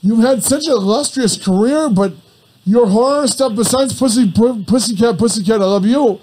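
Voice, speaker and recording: A man's voice: very high voice, moderate pace, warm tone, a little hiss or hum, low-quality recording. A man hosting a morning radio show, effusive and gushing toward his guest. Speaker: radio host.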